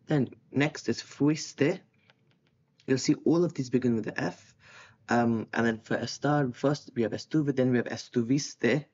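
A man's voice: medium pitch, unhurried. Young man tutoring Spanish, lo-fi. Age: young adult. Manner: relaxed, thinks aloud with frequent ums while writing. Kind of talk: casual explanatory lesson. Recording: slightly dull lo-fi sound.

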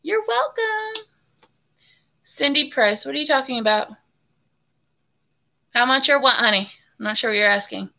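A woman's voice: on the high side, moderate pace, gravelly, pauses often, pushed and bright. A woman hosting a live giveaway stream of her handmade soaps. She talks in a chatty, friendly way, calls viewers hon and my friend, and laughs often. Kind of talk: casual live stream chat.

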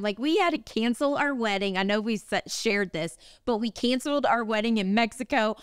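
A woman in her thirties co-hosting a casual podcast, telling stories with animated, high-pitched quoted voices. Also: clean tone, dry recording, clean studio sound. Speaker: podcast co-host. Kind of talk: casual chat.

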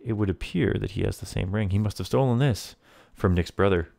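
A let's player reads a text adventure's game text aloud and makes wry asides to himself. His voice is fairly low, gravelly and mellow, and he speaks a little fast.

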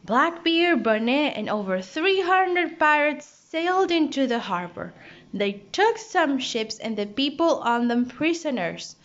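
A woman's voice: high-pitched, very animated, unhurried, fairly bright tone, voice pushed up, full character voice. A woman voicing a group of worried sea turtles explaining events in a storybook reading. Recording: dull lo-fi audio.

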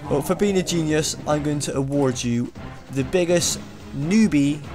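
A young man with a slightly high voice gives let's play commentary. He is excitable and teasing, mocking the figures on screen and laughing often. Loud game music plays under him. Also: normal speed. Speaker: gaming YouTuber.

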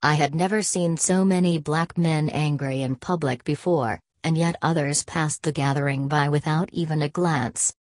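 A woman narrating a novel as an audiobook in a steady, measured reading. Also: deep voice, no room sound.

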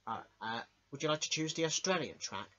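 A man's voice: fairly high pitch, lively intonation, fast, sharp tone. Easygoing man hosting a game session. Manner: easygoing, filler-heavy. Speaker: channel host. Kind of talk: casual gaming chat. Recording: dull lo-fi with game music.

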